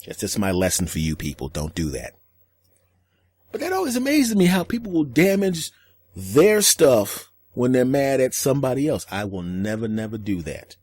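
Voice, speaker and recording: A man hosting a solo podcast, telling comic stories and acting out other people's lines with deadpan jokes. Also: medium pitch, normal speed, no echo. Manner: storytelling, acts out voices in quotes, deadpan jokes. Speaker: podcast host. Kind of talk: solo comedic podcast monologue.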